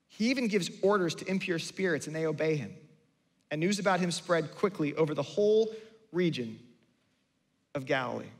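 Animated high-voiced male pastor preaching. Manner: conversational, animated, with repeated restarts and acted-out quotes. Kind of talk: sermon. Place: church sanctuary.

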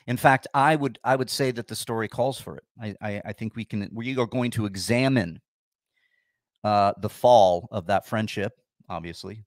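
A fairly low-voiced man talks casually on his livestream, sarcastic and a little grumpy as he answers viewers. The sound is dry and close, with no room around it. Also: no room sound. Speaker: livestream host.

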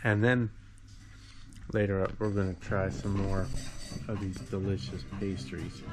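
A man's voice: low voice, fairly even intonation, a little slow, music in the background. A man casually narrating a food vlog, chatty and playful as he tastes dishes. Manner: chatty, playful commentary while tasting food. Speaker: travel vlogger. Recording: loud street noise behind.

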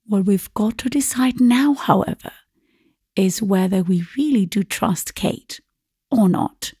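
A woman's voice: medium pitch, measured pace, warm tone, slightly rough, no echo, studio quality. A woman reading the part of a grand, bossy elder spinster sister who speaks in a lofty, firm way.

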